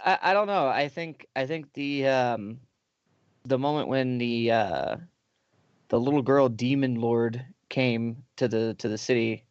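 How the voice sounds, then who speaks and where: Male co-host, casual livestream chatter, lively storyteller; dry close lo-fi mic. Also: medium pitch, unhurried, clear, resonant tone, no echo. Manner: animated retelling, often acting out exaggerated quotes. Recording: dull lo-fi dry sound.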